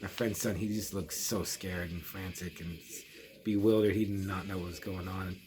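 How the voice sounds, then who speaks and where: For his horror review vlog, a middle-aged man tells a long, casual story, circling back with restarts and quoted asides. He speaks in a deep, steady voice at a moderate pace over background music.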